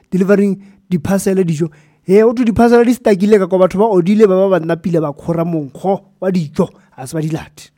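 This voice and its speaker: Mellow-voiced man hosting call-in radio. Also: high-pitched, dry recording, clean studio sound. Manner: relaxed, switches between Setswana and English. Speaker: radio host.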